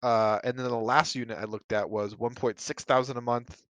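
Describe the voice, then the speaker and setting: A man hosts his own casual podcast and talks bluntly, swearing freely and sliding into heated rants. His pitch sits in an ordinary middle range, and the voice sounds dry and close with no room echo. His speech is loose and full of fillers like "you know" and "like.". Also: steady tone, moderate pace, fairly bright tone. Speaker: podcast host. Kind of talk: casual solo podcast rant.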